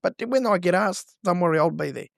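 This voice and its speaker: A young man in his twenties speaks with earnest, heartfelt sincerity as an interview guest. His voice sits on the higher side for a man. The recording is dry and close, with no room sound. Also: lively intonation, a little fast, gravelly, dry recording. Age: 20s. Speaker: real estate agent guest. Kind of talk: casual interview chat.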